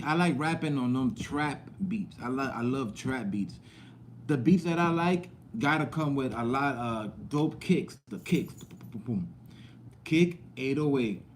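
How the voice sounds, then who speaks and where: A man's voice: mid-range voice, a little mellow, slight background noise. Laid-back young man with slang. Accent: slight Southern US. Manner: loose street slang, rambling. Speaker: livestream host. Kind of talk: casual livestream chat.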